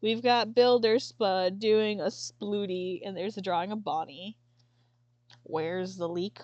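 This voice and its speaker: A woman streamer chatting casually and haltingly, sometimes tearful and apologizing. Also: medium pitch, no room sound, muffled recording. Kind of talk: casual chat while showing a sketchbook.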